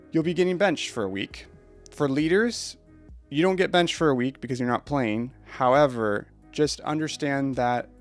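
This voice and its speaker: A young man with a congested cold, the founder of an esports team, giving an unedited, rambling announcement from his home streaming setup. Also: medium pitch. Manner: rambling, relaxed, with fillers. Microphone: streaming mic.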